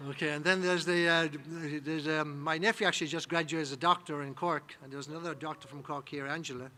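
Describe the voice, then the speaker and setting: A man's voice: fairly high pitch, steady tone, moderate pace, bright, forceful tone, slight background noise. A man with an Irish accent, a priest telling jokes at a comedy night, chuckling at his own punchlines. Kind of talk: stand-up joke telling. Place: live comedy night in a private home.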